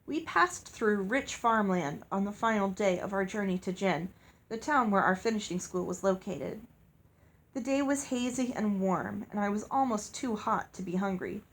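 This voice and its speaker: A woman reading a novel chapter aloud in a calm, measured storytelling voice. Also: mid-range voice. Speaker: audiobook reader. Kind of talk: read-aloud chapter narration.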